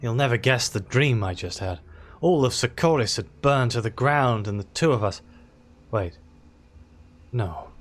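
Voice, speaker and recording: A man voicing a gruff bearded male clan war chief in a fantasy game, speaking low and weary.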